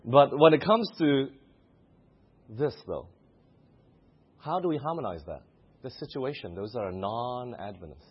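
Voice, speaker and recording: Lively, husky-voiced male preacher. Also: medium pitch, unhurried, pauses often. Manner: interactive, questioning the congregation. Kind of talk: sermon. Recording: muffled lo-fi recording.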